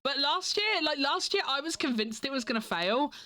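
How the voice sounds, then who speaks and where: A woman's voice: high-pitched, expressive, moderate pace, bright, forceful tone. A sleepy woman streamer chatting casually, giggling often and rambling with many restarts. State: sleepy, yawning. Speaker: live streamer.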